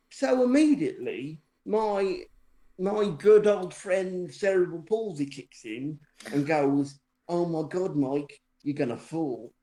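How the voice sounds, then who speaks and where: A man's voice: high-pitched, warm tone. Rambling man with wry humour, roomy sound. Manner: rambling, lots of fillers and restarts, dry self-mocking humour. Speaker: podcast co-host telling a story. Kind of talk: casual anecdotal storytelling. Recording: roomy echo.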